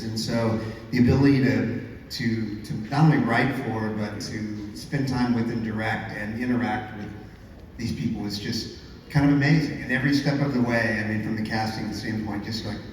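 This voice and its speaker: A man's voice: medium pitch, darkish tone, a little hiss or hum. Male writer-director on a panel, effusive, heard from a distance in a big echoey hall. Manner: effusive, full of praise. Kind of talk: panel talk. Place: convention panel stage. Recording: echoey convention hall, far mic.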